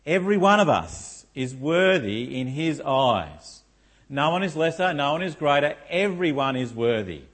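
A man's voice: on the high side, sing-song, measured pace, fairly bright tone, breathy edge. A middle-aged man preaching a sermon in a church, often asking the congregation rhetorical questions like "isn't it?". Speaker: pastor.

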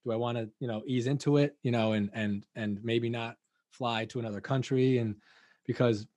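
A man's voice: mid-range voice, steady tone, normal speed, a little mellow, no echo. Casting: man podcast host, rambling and hesitant, dry close sound. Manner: rambling, hesitant, many fillers. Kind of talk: casual chat.

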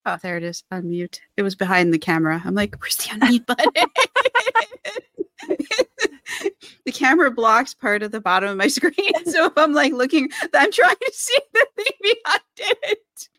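Bright chatty woman host, voice bounces around, says "like" a lot. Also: a little high, very animated, moderate pace, no room sound, clean studio sound. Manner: chatty, full of "like". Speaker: podcast host. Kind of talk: casual interview chat.

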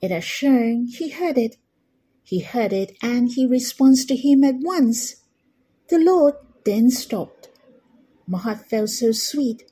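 A woman speaks slowly and earnestly in a devotional Bible reflection. Her voice is slightly high, mellow and a little breathy, and she leans gently on key words.

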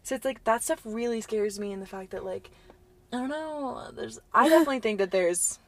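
A woman's voice: fairly high pitch, fairly quick. Chatty young woman co-host. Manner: chatty, lots of likes and ums. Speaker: podcast co-host. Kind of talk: casual chat.

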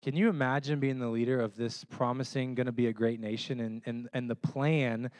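A man's voice: medium pitch, a little fast, no echo. Conversational man preaching a sermon. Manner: conversational, checks in with listeners through rhetorical questions; animated storytelling with homey illustrations. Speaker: pastor.

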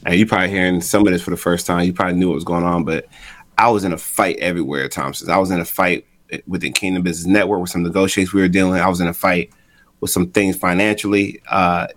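A man with a somewhat low voice tells a personal story on a podcast. He speaks earnestly and circles back on his phrases to drive the point home. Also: fairly even intonation, fast talker, fairly bright tone. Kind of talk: candid personal testimony on a podcast.

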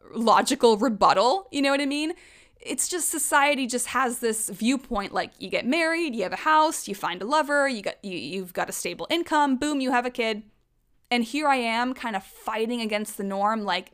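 A woman in her thirties speaks candidly in a personal monologue. Her voice sits a little high. She is open and emotional and drops the odd swear word. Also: lively intonation, normal speed, a bit bright. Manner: emotional, frank, swears casually.

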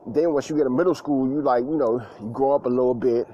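A man's voice: medium pitch, fairly even intonation, quick pace, mellow, dry recording, lo-fi sound. A grown man telling stories in a casual monologue, with loose slangy talk full of fillers and repeats. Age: adult, past school age.

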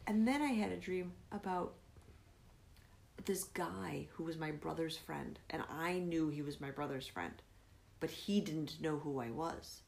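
A woman's voice: deep voice, a little slow, creaky. A woman in her forties hosting a podcast, telling rambling personal stories in a casual chat and laughing often. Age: 40s. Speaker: podcast host.

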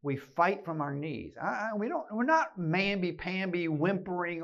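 A man's voice: high-pitched, lively intonation, moderate pace, few pauses. Emphatic man preaching a keynote. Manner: emphatic, repeats phrases, folksy asides. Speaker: speaker at a men's gathering. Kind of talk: sermon-style keynote. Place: live talk to an audience. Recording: slightly dull lo-fi recording.

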